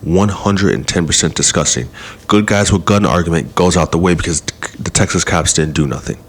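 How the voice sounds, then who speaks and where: Low-voiced man ranting heatedly. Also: fairly quick. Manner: heated, argumentative, rhetorical questions. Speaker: podcast host. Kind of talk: opinion rant.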